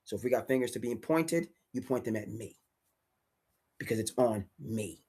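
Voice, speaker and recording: A man hosting a solo sports talk livestream, ranting emphatically with sudden loud bursts. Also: medium pitch, moderate pace, husky. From New England. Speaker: sports commentary host.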